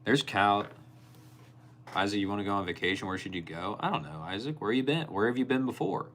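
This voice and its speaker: Low-voiced young man chatting with his live stream. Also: a little fast. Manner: chatty, answers chat comments by name, animated storytelling. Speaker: livestreamer reading chat. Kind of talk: casual live-stream chat.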